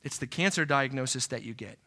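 A middle-aged man preaching a sermon in a conversational way, often checking in with "right?" and moving between loud emphasis and quiet asides. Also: medium pitch, fairly quick. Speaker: pastor.

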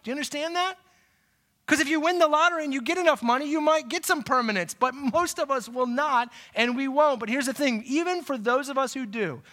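A middle-aged man preaching a sermon in a conversational way, often checking in with "right?" and moving between loud emphasis and quiet asides. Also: high voice. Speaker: pastor.

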